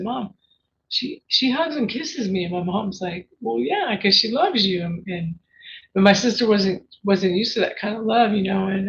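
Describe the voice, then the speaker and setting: A woman tells a personal family story on a livestream, her voice gravelly and full of restarts. The audio is dull and lo-fi, with faint noise underneath. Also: medium pitch. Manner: emotional, rambling with many restarts. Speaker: livestream host.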